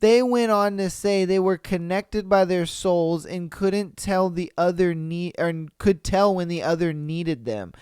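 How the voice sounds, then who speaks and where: Podcast host, male, unhurried delivery, clean dry voice; reads posts aloud and reacts with stunned, swearing incredulity. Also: high-pitched, darkish tone, smooth, no room sound. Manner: swears freely, incredulous, slangy. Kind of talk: casual reaction commentary reading posts.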